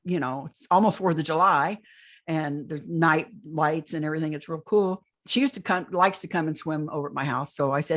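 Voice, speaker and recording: A woman's voice: sits low, a little fast, fairly bright tone. An older woman, a podcast interview guest, telling a long first-person account of a strange experience, rambling and often restarting her phrases.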